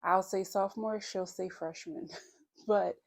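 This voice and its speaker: A woman's voice: medium pitch, fairly even intonation, a little slow, gravelly. A woman in her thirties, talking openly and reflectively about her feelings in a personal vlog. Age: 30s. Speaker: vlogger. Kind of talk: candid personal vlog talk.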